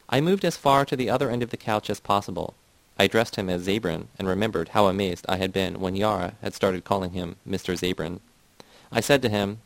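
Man, fairly low voice, first-person audiobook reading, measured, dry close sound. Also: gravelly, no room sound, low-quality recording. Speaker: audiobook narrator.

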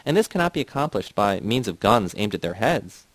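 A man reading a novel aloud as scripted narration, in a steady, measured way. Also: lowish voice, no echo, poor audio. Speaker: audiobook reader.

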